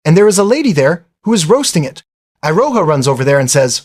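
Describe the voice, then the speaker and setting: A chatty male narrator retelling an anime episode in a casual storytelling way. His voice sits a little high and swings up and down with lots of animation. He talks to the listener like a friend. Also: very animated, fast talker. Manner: chatty, says "brother" and "literally".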